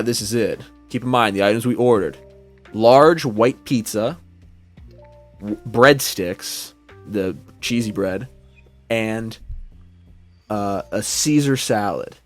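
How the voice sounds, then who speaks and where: A young man co-hosting a podcast, telling a long story in a casual, profane way and acting out the quotes, heard over a call mic. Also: on the low side. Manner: animated, profane, acts out quotes. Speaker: podcast co-host.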